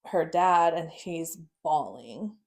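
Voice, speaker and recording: Young woman with a low gravelly voice telling her story, blunt and swears a lot. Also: animated, slow pace, a little mellow. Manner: blunt, frequent swearing, nervous laughs. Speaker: guest. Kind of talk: casual personal storytelling.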